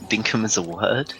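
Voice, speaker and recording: On a rough recording with faint game music behind him, a young man jokes and rambles through commentary on a live speedrun, reading chat aloud as he goes. His voice sits on the low side, sounding pushed and bright.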